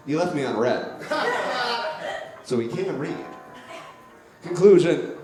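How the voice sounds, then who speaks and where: Comedian guy doing a deadpan fake presentation on stage, bit high voice, roomy club sound w music. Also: slow pace. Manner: deadpan, mock-formal presenting. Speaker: stand-up comedian. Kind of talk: stand-up slideshow presentation.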